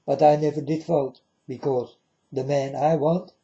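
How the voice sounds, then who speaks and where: A man's voice: fairly high pitch, fairly even intonation, measured pace, mellow. A man preaching to the camera in a monologue, firing off repeated rhetorical questions at the viewer. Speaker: religious video preacher. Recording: dull lo-fi recording.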